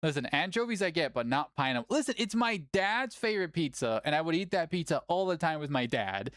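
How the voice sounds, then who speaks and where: A tournament host chatting casually on a livestream, animated, laughing often and swearing casually. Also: mid-range voice, a little fast, no room sound, studio quality.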